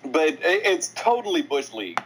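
A man's voice: on the high side, sing-song, normal speed, a little hiss or hum, rough recording. A man co-hosting a casual sports podcast, often laughing and tossing in sarcastic asides. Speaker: podcast co-host.

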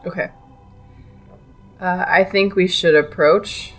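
Woman player, lowish voice, short tentative lines, music faint behind. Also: steady tone, slow pace. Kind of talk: casual tabletop game play.

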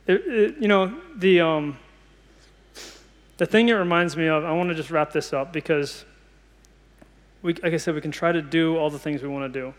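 A man's voice: on the high side, moderate pace, long pauses, in a large hall. A man in his thirties preaching a sermon, earnest and conversational, often restarting his sentences.

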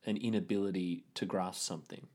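A man's voice: low voice, fairly even intonation, brisk, darkish tone, husky. A man co-hosting a casual podcast chat in an easygoing, self-deprecating way. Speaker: podcast co-host.

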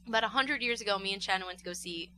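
A bright, forceful woman chatting on a podcast with quick asides and playful mock impressions. She laughs easily and talks in loose, rambling bursts. A faint hum sits under her voice. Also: mid-range voice. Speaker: podcast co-host. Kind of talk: casual chat.

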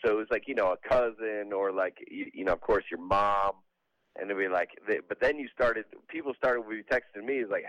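A man's voice: lowish voice, a little fast, fairly bright tone, dry recording, highs cut off. A man from Georgia, a comedian guest, chatting loosely in an interview over a remote line. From Georgia, USA. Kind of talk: casual phone-in interview.

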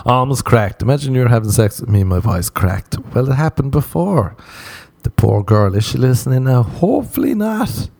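A man's voice: medium pitch, very animated, normal speed, creaky, a little mellow. A man telling rambling, crude, self-mocking stories as a podcast host, often laughing as he goes. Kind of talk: comedic storytelling monologue.

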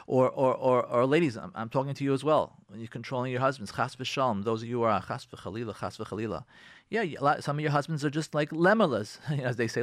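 A man's voice: a little high, no room sound. Preachy man on a dry radio mic. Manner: preachy, repeats himself, sprinkles Yiddish and Hebrew terms. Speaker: radio host giving marriage advice. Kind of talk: direct advice monologue.

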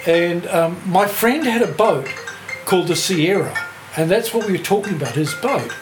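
With a New Zealand accent, an older music writer spins a rambling, casual story as a podcast guest, laughing and cursing freely along the way. His high voice is animated and his speed normal, captured in an echoey room with faint hiss.

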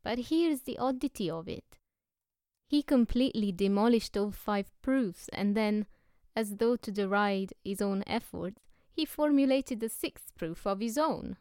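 A woman voicing a polite, eccentric foreign man who speaks in drawn-out, squeaky exclamations in an audiobook reading. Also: a little mellow, smooth, dry recording, clean studio sound, close to an everyday voice. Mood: delighted. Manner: effusive and overly polite.

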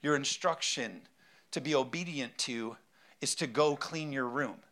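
A man's voice: mid-range voice, unhurried, bright, forceful tone. A man preaching a sermon, emphatic, with rhetorical questions and frequent amens. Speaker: pastor.

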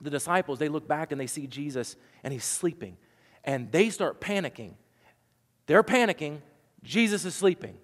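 A man's voice: a little high, lively intonation, normal speed, big-room sound. A man preaching a sermon, talking conversationally and asking the congregation rhetorical questions. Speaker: pastor.

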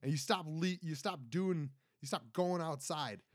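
On his casual solo podcast, a host in his twenties rambles and pokes fun at himself, frequently restarting sentences. His slightly high voice moves at a measured pace, recorded dry and clean in studio sound on a close podcast mic.

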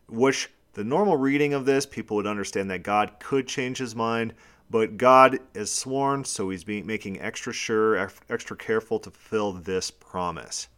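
A man's voice: lowish voice, a bit bright, clear, resonant tone. A man teaching a podcast Bible study, reading scripture passages aloud and then explaining them plainly.

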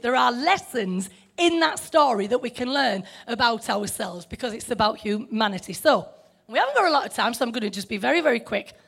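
A woman's voice: high voice, gravelly, fairly bright tone. A middle-aged woman preaching a sermon in a conversational way, asking the listeners questions.

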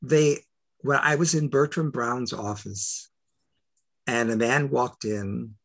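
An older man telling personal stories as an interview guest, emphatic and full of rhetorical questions, with a gravelly voice. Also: medium pitch, steady tone, takes it slowly, a bit bright. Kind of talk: animated personal storytelling.

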